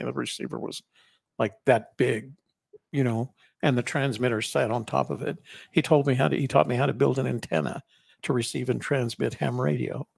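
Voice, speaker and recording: A man's voice: mid-range voice, vocal fry, breathy edge, no echo, studio quality. An older man, a podcast co-host, telling rambling personal stories in casual conversation, with frequent restarts and fillers.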